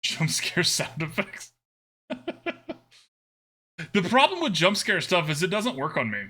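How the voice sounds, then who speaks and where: A man's voice: high-pitched, very animated, normal speed, bright, forceful tone, husky. A man streaming a card game live, chatting casually with his viewers and laughing often. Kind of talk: live gameplay commentary.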